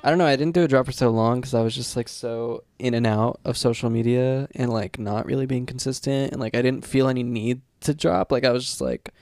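Young male co-host, casual rambling delivery, mid-pitched, dry close mic. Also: steady tone, brisk, few pauses, darkish tone, no echo. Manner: loose, chatty, peppered with "like" and "um". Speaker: podcast co-host. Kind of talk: casual chat.

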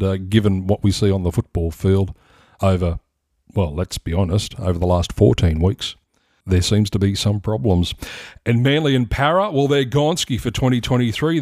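Australian man, podcast host, low-pitched, wry, casual sports banter, dry sound. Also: a little mellow, no room sound. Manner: wry, laughing, steering the chat.

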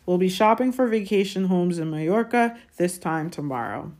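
A woman's voice: fairly low pitch, animated, normal speed, natural voice. A woman voicing a bullying middle-aged uncle who barks his orders nastily. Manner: loud, barking, nasty.

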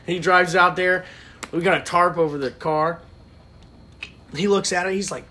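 A man's voice: high voice, fairly even intonation, moderate pace, pauses often, bright, forceful tone, slight background noise. A young man, a podcast co-host, telling a casual profane story with frequent laughter.

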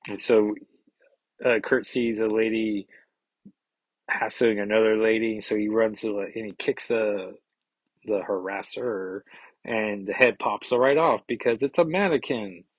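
A man's voice: on the low side, fairly even intonation, measured pace, breathy edge, no room sound, rough recording. A man hosting a podcast, casually recapping a comic book with wry, chatty asides. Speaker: podcast host.

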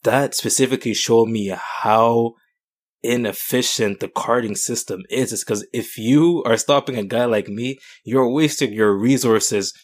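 A young man from Canada co-hosting a podcast discussion, talking in a halting way with many restarts and fillers. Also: medium pitch. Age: young adult. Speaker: podcast co-host. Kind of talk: casual discussion.

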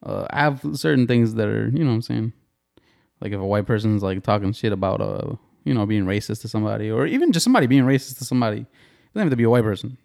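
A man hosts a loose podcast conversation, cursing and laughing as he goes. His voice swings widely in pitch, especially when he mimics a friend in a squeaky voice. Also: fast, creaky. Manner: animated, swearing, laughs often, mocks in a high voice. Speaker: podcast host. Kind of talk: casual podcast chat.

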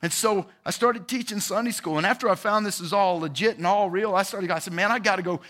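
Casual man in his forties, church testimony, calls out to the congregation, higher-pitched. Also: brisk. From Georgia, US. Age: 40s. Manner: lively, casual, calls out to the crowd. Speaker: church speaker giving testimony.

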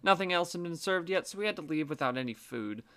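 A man's voice: on the high side, expressive, fast, bright, forceful tone, smooth. A man narrating a story casually, with wry, swearing asides.

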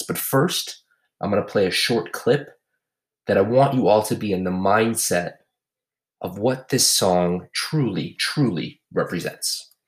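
A man with a very low voice runs a casual comedy podcast. He recaps the week in a crude, joking, deadpan way, roasting everyone in turn. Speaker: podcast host and league commissioner.

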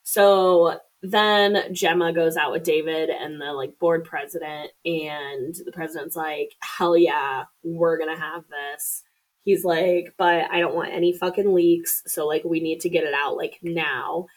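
A woman's voice: low voice, steady tone, a little slow, rough recording. A woman casually retelling a movie plot on a podcast, swearing freely and acting out the characters' lines. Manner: chatty, swearing, acts out quotes. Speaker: podcast co-host.

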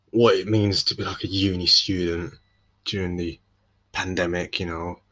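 Young East London bloke, solo podcast host, husky and lowish voice, rambly, slangy, keeps restarting. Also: male voice. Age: young adult. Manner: rambling, self-interrupting, laid-back slang. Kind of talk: solo casual chat.

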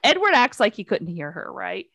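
A woman's voice: mid-range voice, sing-song, moderate pace, vocal fry, sharp tone, dry recording. A woman co-hosting a podcast in casual chat, retelling a book scene with sarcastic asides and acting out the characters' lines. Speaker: podcast co-host.

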